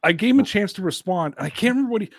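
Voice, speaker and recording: A man telling stories as a podcast guest in casual chat, animated, swearing often and laughing a lot. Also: high voice, rapid-fire, dry recording.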